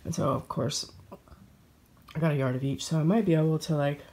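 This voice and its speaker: A woman vlogging about sewing in a casual, chatty way, her voice hoarse as she gets over a cold. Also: low-pitched, brisk, mellow. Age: adult with children. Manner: chatty, with frequent fillers and restarts. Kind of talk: casual chat to camera.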